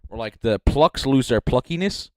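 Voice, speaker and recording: A young man at medium pitch delivers animated, normal-speed commentary as a livestream judge. He rambles casually, fills space with fillers and jokes between thoughts, all into a handheld mic.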